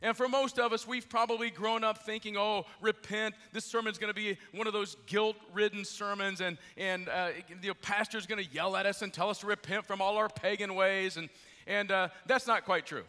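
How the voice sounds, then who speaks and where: Middle-aged pastor guy preaching, high bright voice, kinda jet lagged, cracks jokes, big church reverb. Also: normal speed. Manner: lively, joking, conversational preaching. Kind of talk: sermon. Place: large church with balcony. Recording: long church hall reverb.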